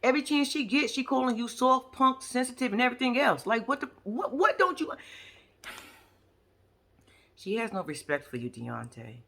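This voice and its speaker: A woman's voice: on the high side, big pitch swings, moderate pace, gravelly, long pauses, a bit bright. A woman giving a casual reality show recap, blunt, profane and heated as she rants about the people on screen.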